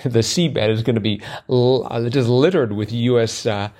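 A man's voice: medium pitch, moderate pace, darkish tone. A man co-hosting a podcast, chatting casually and self-deprecatingly, with plenty of fillers and restarts. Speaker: podcast co-host. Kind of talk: casual chat about crosswords.

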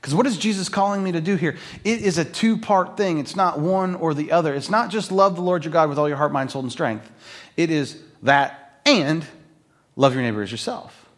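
Man, middle-aged, pastor, conversational sermon, somewhat high voice. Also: a little fast. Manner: conversational, storytelling, acts out quoted voices.

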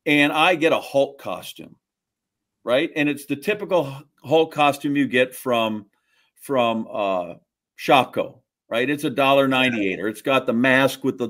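A middle-aged man from Wisconsin co-hosting a casual podcast. He tells stories with animated, mock-indignant energy and laughs at himself. His voice sits at an ordinary pitch. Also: normal speed. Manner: animated storyteller, mock-indignant, self-mocking. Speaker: podcast co-host. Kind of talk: casual storytelling chat.

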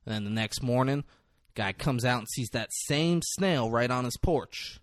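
A man's voice: mid-range voice, measured pace, no room sound, studio quality. A young man chatting casually, retelling a movie with lots of swearing and acting out the characters' lines. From grew up locally. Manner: animated, profane, acts out characters' lines.

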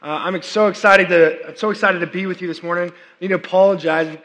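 A man in his thirties, a worship pastor preaching a sermon, chatty and animated with many fillers and restarts, audibly unwell and working to clear his throat. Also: high voice, fast. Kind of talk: sermon with personal storytelling. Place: church service. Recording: long reverb of a large hall.

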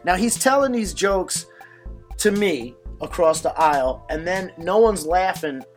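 A man's voice: high-pitched, expressive, measured pace, soft background music. An adult man telling a personal story in a candid, conversational way, swearing often and using many fillers. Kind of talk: casual storytelling monologue.

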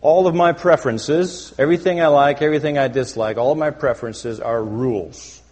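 A man preaching a satirical sermon as a pastor, mock-pompous and deadpan self-important, speaking to a congregation in a church sanctuary. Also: medium pitch, brisk. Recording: long hall reverb.

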